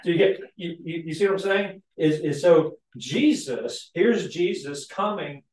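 A man teaching a Sunday school class in a conversational way, often checking in with the group with tag questions and lively asides. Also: a little high, measured pace. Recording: echoey room, mic at a distance.

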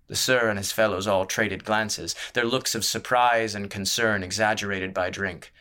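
Bright-voiced male audiobook narrator. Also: on the low side, fairly even intonation, normal speed, hardly any pauses. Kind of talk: scripted narration.

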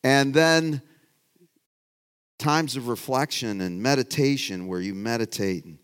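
A middle-aged man preaching a casual, conversational sermon as a pastor. He talks in a folksy, rambling way, restarting his sentences and moving between loud emphasis and quiet asides. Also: medium pitch, a little slow, pauses often, smooth.

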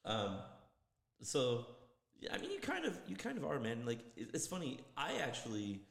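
A man co-hosting a casual podcast chat, telling stories in a loose, profane, animated way. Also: medium pitch, normal speed, gravelly. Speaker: podcast co-host. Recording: echoey room with long reverb.

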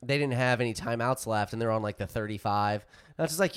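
A man's voice: mid-range voice, fast, clean tone. A man co-hosting a casual sports podcast, telling stories and laughing often. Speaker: podcast co-host.

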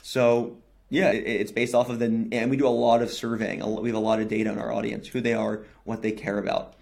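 A young man talks through business questions in a fluent, matter-of-fact way as a podcast guest. His voice has a gravelly edge and sits at an ordinary pitch. He often punctuates his points with a quick "right?". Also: level tone, a little mellow. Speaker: newsletter company CEO, guest. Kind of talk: podcast interview answers.

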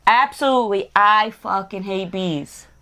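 A woman co-hosting a casual film chat, emphatic and quick to react, with some swearing. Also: medium pitch, crowd noise. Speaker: podcast co-host.

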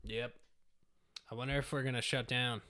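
A young man co-hosting a podcast, talking in a slow, hesitant way with short agreeing replies. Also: medium pitch, fairly even intonation, pushed and bright. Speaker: podcast co-host. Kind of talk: casual chat.

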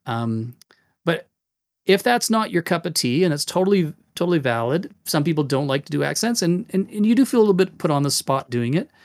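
A man's voice: fairly high pitch, a little fast. A man hosting a casual podcast about running tabletop games, talking with animation and dropping into voices. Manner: animated, demonstrative, jumps into voices. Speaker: game master and podcast host.

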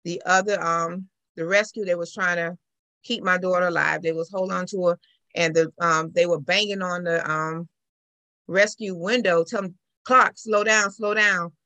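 Middle-aged woman, gravelly low voice, dry close sound, animated storytelling. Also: moderate pace, dry recording. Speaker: interview guest. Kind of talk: personal account in conversation.

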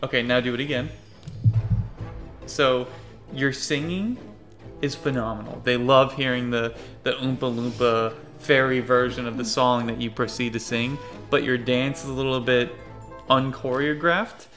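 A man's voice: medium pitch, steady tone, normal speed, a bit bright, soft background music. A man narrating a tabletop game as game master in a loose, casual way. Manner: casual, loose, puts on crowd voices.

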